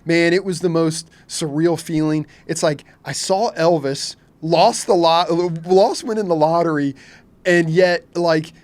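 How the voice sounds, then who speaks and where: Unhurried and fairly high-pitched, this middle-aged Kentucky man, a fishing captain, spins a story while guesting on a podcast. He gets animated, performing his own reactions as quotations.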